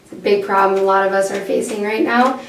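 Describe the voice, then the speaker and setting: A young woman presents to her class in a mid-pitched voice that is going a little hoarse. She talks steadily with some fillers. She is recorded from across an echoey room with a light hum of background noise. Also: steady tone, quick pace. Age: young adult. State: losing her voice. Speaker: student presenter. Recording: echoey room, far from the mic, faint noise.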